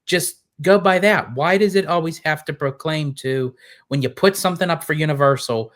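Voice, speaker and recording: A man's voice: a little high, moderate pace, fairly bright tone. A man co-hosting a casual podcast, chatting easily with laughs and some self-deprecation. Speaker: podcast co-host. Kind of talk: casual chat.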